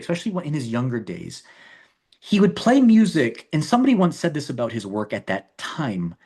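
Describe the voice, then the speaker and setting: A man's voice: medium pitch, a little mellow. A man being interviewed about his own filmmaking, talking animatedly and often repeating words and restarting his sentences. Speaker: filmmaker guest. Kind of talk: casual interview talk.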